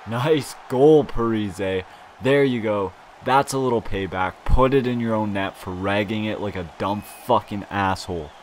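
Excitable young man commentating gameplay. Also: on the low side, moderate pace, slight background noise. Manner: excitable, swearing, swings from grumbling to shouting. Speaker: gaming YouTuber.

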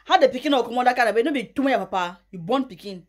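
Mocking Nigerian woman, high voice. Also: expressive, rapid-fire. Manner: mocking, breaks into loud high laughter. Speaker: YouTuber. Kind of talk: mocking gossip commentary in Pidgin.

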